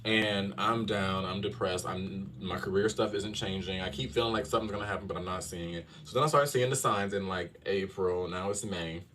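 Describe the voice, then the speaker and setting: Guy w a lowish voice chatting to his viewers, kinda far off the mic, lil hiss behind. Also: fairly quick, hardly any pauses. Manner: animated, keeps checking in with viewers. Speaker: astrologer and tarot reader. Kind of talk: casual storytelling to viewers.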